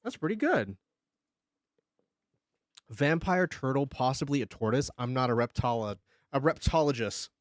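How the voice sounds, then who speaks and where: A man streaming live, chatting casually and joking as he reacts, laughing often and breaking into excited bursts. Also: medium pitch, moderate pace, pauses often, no echo, studio quality. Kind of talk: casual live-stream commentary while drawing.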